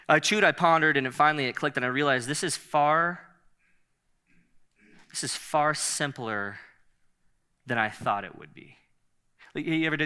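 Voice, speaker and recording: A man preaching a sermon in a conversational, animated way, often laughing and repeating himself. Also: medium pitch, smooth. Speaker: pastor.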